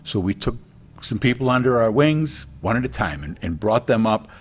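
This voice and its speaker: A man's voice: mid-range voice, lively intonation, normal speed. A middle-aged man, a realtor guest, talking earnestly in a casual TV interview, rambling with many restarts.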